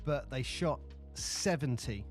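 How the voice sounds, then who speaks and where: A man co-hosting a podcast, telling stories in a rambling, animated way with many restarts. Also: mid-range voice, takes it slowly, faint music behind. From United Kingdom. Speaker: podcast co-host. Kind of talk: casual chat.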